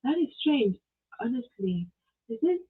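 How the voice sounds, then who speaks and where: A woman from South Africa runs a casual live stream, reading out comments and exclaiming as she goes. Her voice sits a little high. The sound is narrow and tinny, like a phone call. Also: unhurried, slightly rough. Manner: chatty, animated, reads comments aloud, exclaims often.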